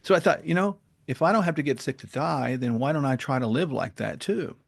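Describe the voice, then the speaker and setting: A man with a gravelly voice speaks as a podcast guest. His voice sits at a medium pitch. He tells stories earnestly and gets animated as he goes. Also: fairly quick. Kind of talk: casual interview talk and storytelling.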